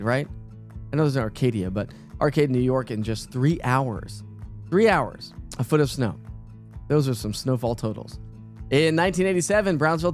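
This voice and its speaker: A middle-aged man, hosting a casual morning weather show in a chatty, rambling way with lots of fillers. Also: a little high. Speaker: TV weather forecaster.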